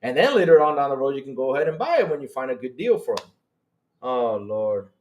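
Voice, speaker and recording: A man hosting a live stream, reading chat aloud and reacting with excitable disbelief and frequent laughter. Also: mid-range voice, slight background noise. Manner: excitable, incredulous, laughing, rapid swings in loudness.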